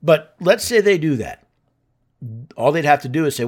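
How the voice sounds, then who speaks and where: Higher-voiced man explaining in a conversational way. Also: animated, moderate pace, long pauses, husky. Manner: conversational and explanatory, with frequent fillers and restarts. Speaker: host. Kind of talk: explanatory commentary.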